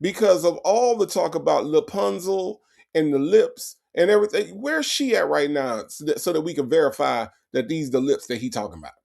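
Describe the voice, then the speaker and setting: A man hosting a casual livestream, reacting with animated, profane commentary and talking straight to his chat, often repeating himself. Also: on the high side, fairly quick, gravelly.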